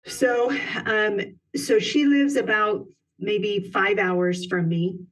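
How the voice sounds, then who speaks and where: A middle-aged woman telling a personal story as a podcast guest, halting, with many pauses and restarts. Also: mid-range voice, distant mic, poor audio.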